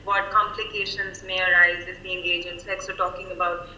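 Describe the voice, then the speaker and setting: A woman clinical psychologist speaking over a video call, thoughtful and measured, with frequent fillers. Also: fairly low pitch, little pitch movement, bright, forceful tone, reverberant, a little hiss or hum, rough recording. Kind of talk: professional video-call interview.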